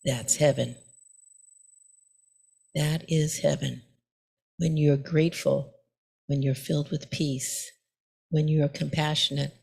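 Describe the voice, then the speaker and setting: A woman voicing a small male monk in a sermon story, speaking slowly and deliberately. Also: low-pitched, steady tone, vocal fry, a little mellow, slightly rough, voice pushed down, heavily acted. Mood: calm. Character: small elderly male monk, scornful then gentle.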